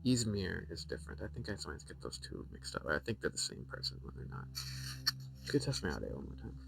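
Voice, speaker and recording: A man streaming a game, rambling through its lore, reading passages aloud and thinking out loud with fillers and self-corrections. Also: deep voice, big pitch swings, quick pace, vocal fry, rough recording.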